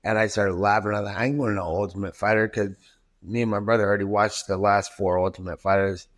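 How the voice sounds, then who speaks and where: A man with a voice pitched a little low tells a story casually as a podcast guest. He swears freely and acts out what others said, stumbling over repeated words as he goes. His delivery is loose, streetwise and conversational. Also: fairly even intonation, fast. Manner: profane, acts out quoted dialogue with many restarts.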